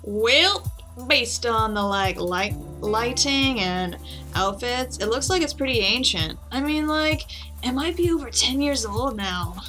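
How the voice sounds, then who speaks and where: A smug, laid-back surfer dude from a video game, drawling slowly with a twang, as a woman puts him on. His voice sits fairly high. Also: expressive, sharp tone, soft background music.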